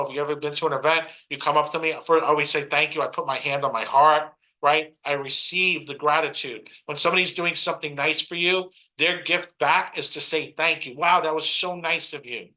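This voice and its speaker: A middle-aged man from Brooklyn, giving a motivational stage talk in a preachy, punchy way and mocking other people's excuses in quick put-on asides. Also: on the high side, pushed and bright, low-quality recording. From Brooklyn, New York. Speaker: motivational speaker.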